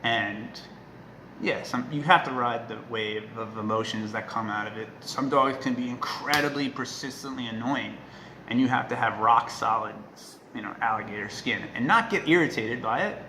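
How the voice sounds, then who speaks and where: A dog trainer talks casually to the camera, earnest and emphatic, frequently checking in with a quick "right?". His voice is medium-pitched, and the room is echoey with faint noise.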